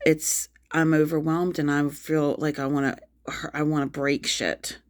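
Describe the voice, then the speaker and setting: A middle-aged woman vents angrily on a phone livestream, repeating herself as she pours out her hurt and frustration in upset outbursts. Her voice sits low with little pitch movement, and she talks at a normal speed. It's an emotional venting vlog.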